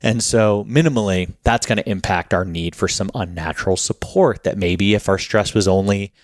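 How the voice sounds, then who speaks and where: A man talks through a casual podcast monologue, wandering from thought to thought with plenty of filler words. He sounds a little short of breath, and his voice sits a touch low. The recording is dry and close, with no room sound. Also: moderate pace, dry recording. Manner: rambling, frequent filler words. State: slightly out of breath. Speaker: podcast host.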